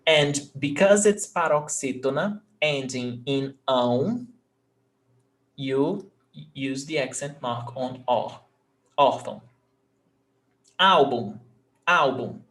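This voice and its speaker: Brazilian male teacher, unhurried and patient, native Portuguese speaker, talks learners through spelling rules. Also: mid-range voice, lively intonation, fairly bright tone. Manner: slow, patient explaining, repeating example words. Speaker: language teacher. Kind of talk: online language lesson.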